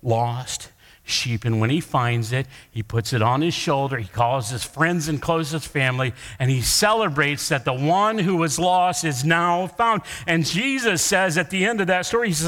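A man's voice: fairly high pitch, normal speed, a bit bright. A middle-aged man preaching a sermon in a church, conversational and joking with his congregation as he tells a story. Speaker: pastor. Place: church sanctuary. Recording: long hall reverb.

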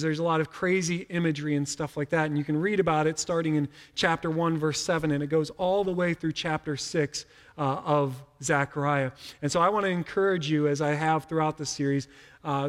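A middle-aged man preaching a sermon in a relaxed, conversational way, often repeating a word as he starts a sentence. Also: a little high, long reverb tail. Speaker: pastor.

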